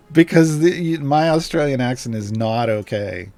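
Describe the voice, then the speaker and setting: A man's voice: fairly high pitch, steady tone, a little slow, darkish tone. A man hosting a game guide livestream, chatting casually and rambling with fillers and restarts.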